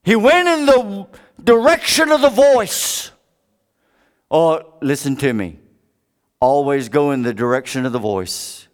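A man's voice: animated, unhurried, long pauses. A man preaching a sermon in a dramatic, impassioned way. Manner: dramatic, impassioned, sweeping pitch.

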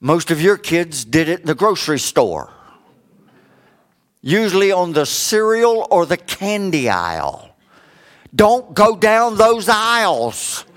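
Slow, high-pitched preaching man. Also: big pitch swings, a bit bright. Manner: swings from raised preaching to low joking asides. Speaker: pastor. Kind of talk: sermon.

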